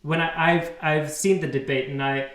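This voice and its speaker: A man's voice: on the high side, steady tone, normal speed, a bit bright. Hesitant man, echoey room. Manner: hesitant, many fillers and restarts. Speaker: interviewer reading viewer questions. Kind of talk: hesitant interview questions. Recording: roomy echo.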